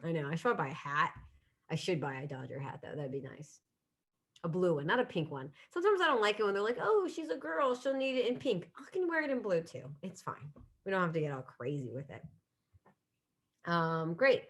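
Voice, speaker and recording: A woman's voice: deep voice, lively intonation, fairly quick, fairly bright tone. A woman in her thirties hosting a solo comedy livestream from home, chatting casually and laughing at herself. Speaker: streaming comedy show host. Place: home room with bookshelf.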